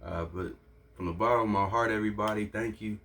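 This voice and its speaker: A man talking casually in an unboxing vlog, excited and thankful, a little nervous and restarting his sentences often. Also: fairly low pitch. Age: adult. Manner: excited, grateful, halting with restarts. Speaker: vlogger showing his own shoe line.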